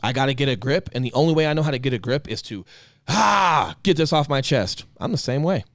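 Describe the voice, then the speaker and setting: A man co-hosting a casual podcast chat, talking with emphatic passion and swinging between loud bursts and quiet asides. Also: mid-range voice, lively intonation, brisk, no echo, studio quality. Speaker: podcast co-host.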